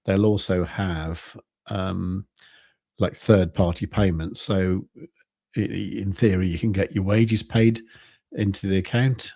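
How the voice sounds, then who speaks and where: A man in his fifties talks to his live-stream viewers in a loose, meandering way, circling back and restarting his sentences. His voice sits low and mellow. The sound is dry and close, with no room around it. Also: fairly even intonation, creaky, dry recording. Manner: rambling, halting, with many restarts and fillers. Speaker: crypto trading channel host. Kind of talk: casual live-stream chat.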